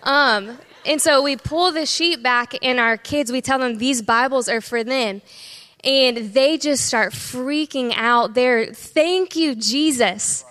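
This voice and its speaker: A woman's voice: high-pitched, takes it slowly, bright, forceful tone. A woman, a kids ministry director, telling stories on a church stage into a stage microphone. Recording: long hall reverb.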